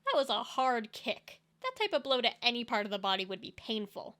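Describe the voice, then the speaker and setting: A woman's voice: a little high, sing-song, fairly quick, fairly bright tone. A young woman giving sarcastic, ranting comedic commentary on films and TV. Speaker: video essay commentator.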